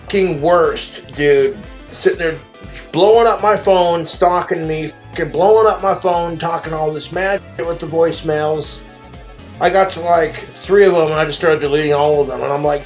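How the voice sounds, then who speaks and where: A man's voice: on the high side, normal speed, soft background music. A man ranting in a vlog, swearing often and sounding aggrieved about being hounded. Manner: crude, profane, aggrieved. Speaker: online video creator.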